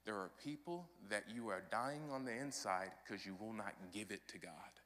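A pastor in his thirties delivers an impassioned sermon, his low voice bright and forceful. He swings between loud proclamation and quiet, personal confession. His words ring with a long reverb through a church hall. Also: moderate pace. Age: 30s.

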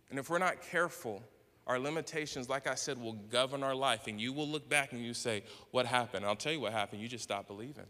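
A man preaching a sermon as pastor, talking conversationally, acting out little dialogues and rising into loud bursts. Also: medium pitch, brisk. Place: church sanctuary. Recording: long hall reverb.

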